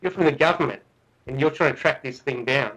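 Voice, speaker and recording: A man's voice: mid-range voice, brisk, fairly bright tone, slightly rough, rough recording. A man quoting a blunt boy. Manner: direct, challenging. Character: blunt, forward boy in his early teens.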